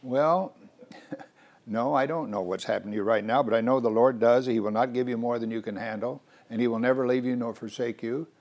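Older male preacher, earnest and animated, mid-pitched voice. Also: fairly quick. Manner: earnest, animated, rhetorical questions. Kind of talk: sermon.

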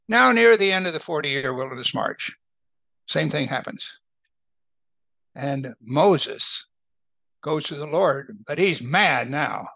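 Older man teaching Bible study, gravelly voice. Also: a little high, bright, forceful tone, no room sound. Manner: conversational, asks listeners to agree.

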